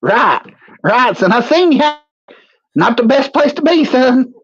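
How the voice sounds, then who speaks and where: A man doing a high, jeering rowdy taunter. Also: big pitch swings, measured pace, fairly bright tone, breathy edge, highs cut off, heavily acted. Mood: taunting.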